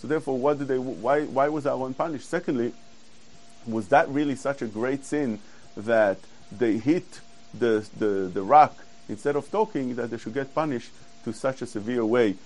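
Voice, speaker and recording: A man giving a Torah class, explaining verses earnestly and quoting Hebrew quickly. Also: mid-range voice, darkish tone, poor audio. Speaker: Torah teacher.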